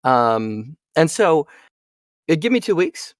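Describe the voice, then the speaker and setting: Guest slot: young male voice actor, animated and chatty, dry close recording. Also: on the high side, slow pace, no room sound. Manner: animated, chatty, frequent fillers. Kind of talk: casual interview chat.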